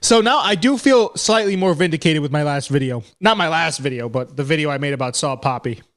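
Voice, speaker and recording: A man hosts a casual live commentary stream, his slightly high voice swinging widely in pitch. He chats loosely and thinks out loud to his viewers. His voice is hoarse and wearing thin. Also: animated, fairly quick. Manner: chatty, talks to himself while reacting.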